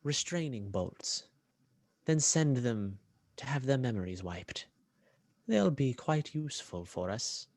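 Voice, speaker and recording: A man voicing a masked imperial commander who is polite and menacing, speaking in a slow, courtly way. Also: mid-range voice, very animated, darkish tone, no room sound. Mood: commanding. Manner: slow, courtly, drawn-out delivery.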